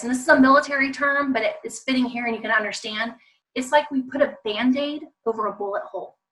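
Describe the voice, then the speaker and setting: A woman's voice: on the high side, a bit bright, distant mic, rough recording. A woman from the American South gives an online parenting talk, speaking emphatically and often asking the audience rhetorical questions.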